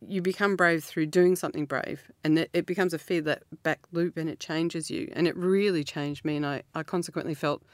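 A middle-aged woman, talking earnestly as an interview guest, laughing often and jumping up in pitch. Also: fairly even intonation, moderate pace, few pauses, dry recording, studio quality. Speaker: author guest. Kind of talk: reflective interview talk.

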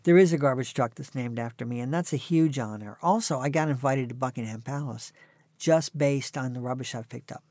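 A man's voice: medium pitch, fairly quick, darkish tone, no room sound. A man in his sixties, an author telling dry, self-mocking stories as a guest in an interview. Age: 60s. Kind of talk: conversational storytelling.

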